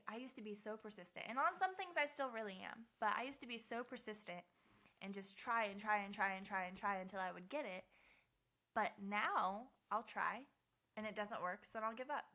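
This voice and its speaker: A woman's voice: medium pitch, bright, forceful tone. A woman in her twenties giving a heartfelt personal motivational talk, earnest and repeating phrases for emphasis. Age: 20s. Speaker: motivational speaker.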